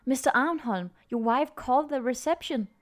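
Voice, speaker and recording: A woman's voice: high-pitched, animated, moderate pace. A woman reading the lines of a friendly young male hotel receptionist delivering a message politely.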